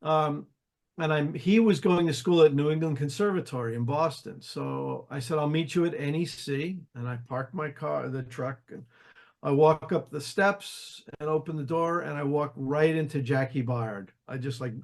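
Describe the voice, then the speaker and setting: Older male guest, slightly high voice, chatty storyteller, restarts a lot. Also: normal speed, vocal fry. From New Jersey, US. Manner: animated anecdotes, acts out quoted voices, frequent restarts. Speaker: interview guest, jazz pianist. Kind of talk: casual storytelling.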